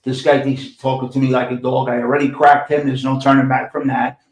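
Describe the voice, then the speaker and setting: A man's voice: mid-range voice, completely flat delivery, a little fast. New york guy, older, swears a lot, sarcastic, repeats himself, echoey room. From New York City. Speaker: podcast host. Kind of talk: profane storytelling monologue.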